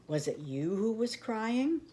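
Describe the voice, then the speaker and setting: A woman's voice: on the high side, very animated, takes it slowly, warm tone, pitched above the performer's own voice. A woman voicing a lonely, eager little boy beaver who asks earnest questions in a storybook reading.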